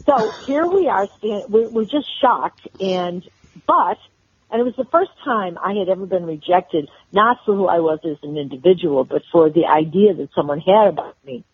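An older woman from Chicago, a guest telling personal stories in an interview, with halting restarts. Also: fairly low pitch, lively intonation, slightly rough, dry recording. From Chicago, USA. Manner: warm storyteller, halting restarts. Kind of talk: storytelling interview. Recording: tinny phone-line audio.

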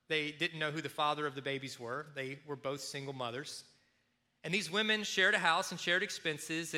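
A man preaching a sermon, retelling a story in a lively way and acting out the speakers. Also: on the high side. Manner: storytelling, animated, acts out quotes. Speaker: pastor.

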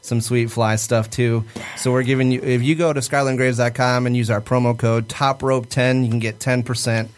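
A man's voice: medium pitch, level tone, fairly quick, few pauses. Teasing man hosting a podcast. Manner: laughing, loose and teasing. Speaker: podcast host. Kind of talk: casual banter.

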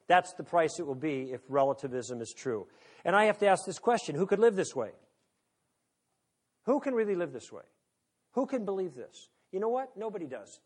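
A man lecturing to an audience in a conversational, humorous way, full of rhetorical questions. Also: sits high. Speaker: speaker on moral philosophy.

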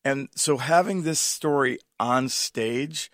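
A man who directs theater, speaking in a measured way as a guest on a radio show. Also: medium pitch, a bit bright, no room sound, studio quality. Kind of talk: radio interview.

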